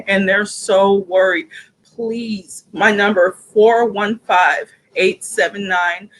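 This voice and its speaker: A woman's voice: mid-range voice, husky, low-quality recording. A woman speaking as a friend of a missing woman, giving an earnest, pleading appeal over a video call. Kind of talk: emotional personal appeal.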